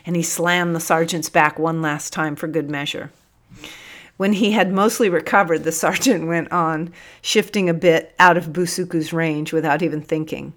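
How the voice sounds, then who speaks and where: Low-voiced woman narrating an audiobook. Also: steady tone, normal speed, fairly bright tone. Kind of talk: first-person storytelling narration.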